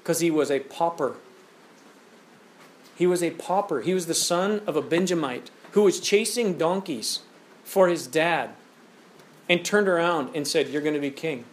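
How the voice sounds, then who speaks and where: A man preaching a lively sermon, full of rhetorical questions and told stories. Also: a little high, unhurried, long pauses, a little hiss or hum. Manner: animated, storytelling, rhetorical questions.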